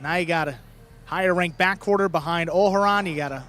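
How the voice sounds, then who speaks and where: A man announcing live sports play-by-play in brisk, clipped calls of each play. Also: high voice, a bit bright, faint music behind.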